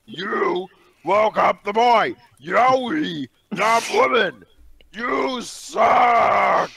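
A man playing a loud, brutish drunk husband and father in a comedic table read, shouting and cackling. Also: high voice, extremely slow, vocal fry, crowd noise, heavily acted. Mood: raging.

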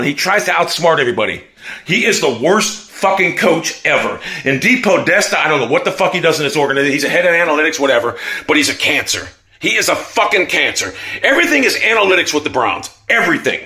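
A man's voice: a little high, pushed and bright. Furious, profane man ranting about his team. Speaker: sports fan commentator. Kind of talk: angry fan rant.

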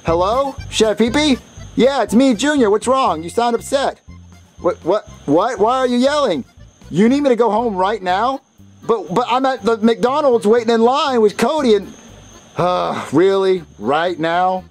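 Whiny childish kid, played by a man, stammering, high voice, for a comedy skit. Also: lively intonation, a little slow, soft background music. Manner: stammering, repeating words, whining. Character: whiny, childish boy who dodges blame.

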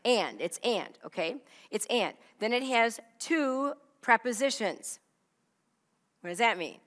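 A woman Bible teacher leads a live group study, her fairly high, slightly bright voice moving slowly with lively intonation. She stresses and repeats key phrases and quizzes her listeners, all under the long reverb of a hall.

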